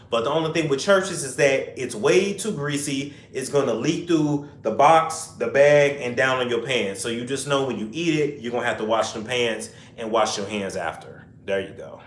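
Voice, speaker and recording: Chatty host in an echoey room. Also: male voice, on the high side, a bit bright. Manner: chatty, reads viewer comments aloud, answers in rambling asides. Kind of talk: casual livestream chat.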